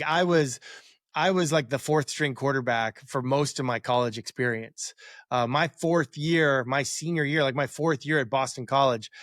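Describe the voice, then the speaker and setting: A man's voice: medium pitch, dry recording, clean studio sound. A middle-aged man, a former quarterback, telling rambling stories as a podcast guest and acting out what others said. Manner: rambling, animated, acts out quotes. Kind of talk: casual interview storytelling.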